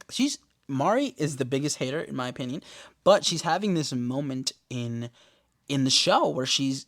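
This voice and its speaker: A man casually recapping a TV episode, animated and profane, briefly mimicking the characters' lines. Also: mid-range voice. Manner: animated, profane, acts out characters' lines in quick put-on voices. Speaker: podcast host recapping a TV show.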